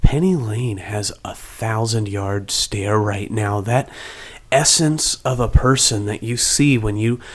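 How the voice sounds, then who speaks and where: A man narrating as game master in a tabletop game, animated and rambling. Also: fairly low pitch, slow pace.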